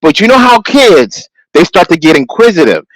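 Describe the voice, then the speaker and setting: A man's voice: high-pitched, normal speed, rough recording. A man, a comedian co-host, telling a family story on a comedy radio show and acting out the voices in it. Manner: lively storyteller, acts out voices. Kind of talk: casual comedy radio chat.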